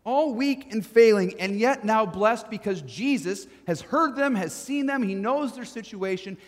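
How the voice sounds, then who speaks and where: A man preaching a sermon as pastor, swinging from loud to hushed. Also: sits high. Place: church sanctuary. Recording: long church reverb.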